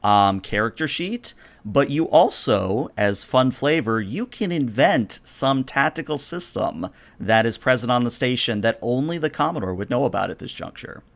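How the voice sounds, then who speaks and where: A man narrating as game master of a tabletop role-playing game. He describes the scene in an easygoing, unhurried way, often pausing on fillers. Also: mid-range voice, creaky. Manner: relaxed and descriptive, with hesitant fillers.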